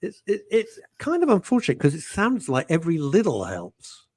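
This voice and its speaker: Man, radio studio banter, jokey, stammering restarts, very lively pitch. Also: normal speed, no echo. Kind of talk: casual studio chat.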